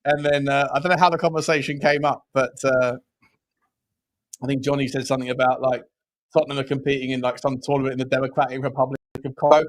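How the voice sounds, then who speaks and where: A man's voice: mid-range voice, level tone, fast talker. A young adult man, co-hosting a casual football chat in a jokey, banter-filled way. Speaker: co-host.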